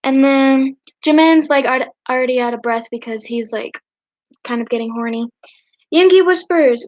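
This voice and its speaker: A woman hosting a livestream, casually reading fanfiction aloud. She breaks in with giggly, chatty asides and clears her throat now and then. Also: sits high, moderate pace, a little mellow. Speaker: livestream host. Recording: dull lo-fi stream audio.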